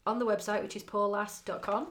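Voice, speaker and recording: A woman's voice: medium pitch, little pitch movement, brisk, fairly bright tone. A woman from England co-hosting a podcast in casual chat, rambling with plenty of fillers. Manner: chatty, rambling, lots of "like" fillers. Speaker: podcast co-host.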